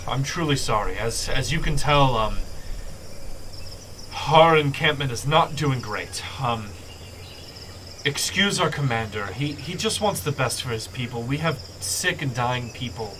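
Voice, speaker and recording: A man's voice: mid-range voice, expressive, unhurried, noisy background, close to an everyday voice. A man voicing a weary, desperate woman who leads a jungle encampment, pleading and apologetic with hesitant ums. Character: weary desperate female jungle camp leader.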